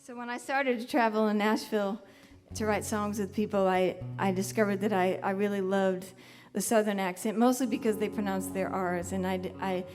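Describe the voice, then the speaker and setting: A woman's voice: medium pitch, steady tone, moderate pace, hardly any pauses, music in the background. A middle-aged woman from Massachusetts, a singer-songwriter chatting from a concert stage between songs in a rambling, self-mocking way. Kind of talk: onstage banter between songs.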